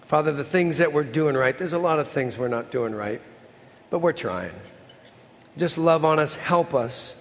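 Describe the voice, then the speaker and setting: A man preaching and then praying with his congregation, his voice sitting a little high for a man. He speaks earnestly and often lets his voice sink soft at the close of a line. The sound trails off in a long hall reverb. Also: animated, moderate pace, slight background noise. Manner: earnest preaching, drops to a soft voice at the ends of lines. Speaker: pastor. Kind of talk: sermon with closing prayer.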